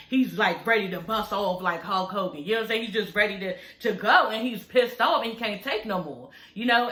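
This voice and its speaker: A woman recaps a reality show in loose, slangy chat, swearing freely and acting out what the cast said. Her voice sits a touch high and has a bright edge. The room around her rings with echo. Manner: animated, slangy, swears freely, acts out quoted lines. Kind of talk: casual recap commentary.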